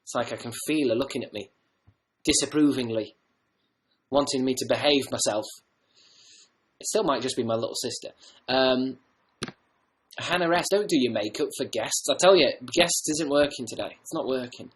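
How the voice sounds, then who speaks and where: A young man with a softened northern English accent chats loosely on a livestream. He rambles through viewer comments and drops casual swear words as he goes. His pitch sits in an ordinary middle range. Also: moderate pace, long pauses. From northern England. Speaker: livestream host.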